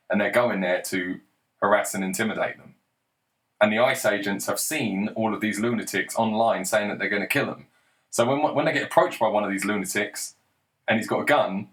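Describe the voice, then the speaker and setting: A man's voice: lowish voice, fairly bright tone. A man giving a blunt, combative political commentary monologue, swearing often and arguing with rhetorical questions.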